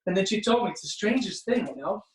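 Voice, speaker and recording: A man's voice: high voice, lively intonation, fast talker. Chatty man in a roomy, distant call. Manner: chatty storyteller, repeats words when starting. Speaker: guest, dance teacher. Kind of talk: casual conversation over video call. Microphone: video call.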